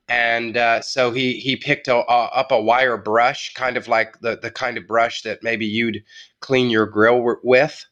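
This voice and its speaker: A man as an interview guest, telling a story in a reflective, measured way with halting restarts. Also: mid-range voice, flat delivery, a bit bright, lo-fi sound. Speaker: guest writer.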